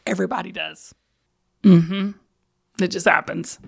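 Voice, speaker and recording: A woman's voice: on the low side, fairly even intonation, measured pace, vocal fry, husky. A woman hosting a podcast in casual chat. She talks candidly and laughs often. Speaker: podcast host.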